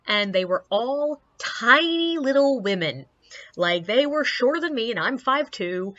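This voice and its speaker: A woman's voice: mid-range voice, sharp tone, lo-fi sound. A woman who works as a ghost tour guide, casually telling stories from her job in a chatty, candid way with sarcastic asides. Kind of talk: casual personal storytelling.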